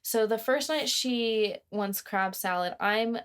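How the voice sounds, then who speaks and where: A woman's voice: fairly high pitch, slow, smooth. A young woman co-hosting a podcast, casually telling a work story in a chatty, exasperated way with bursts of laughter. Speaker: podcast co-host.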